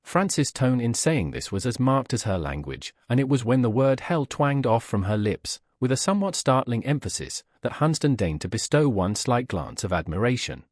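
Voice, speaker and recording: A man reads a classic novel aloud in measured, literary narration. His pitch sits in the middle but moves in a lively way. The recording is dry and close, with no room sound at all. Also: dry recording. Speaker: audiobook narrator.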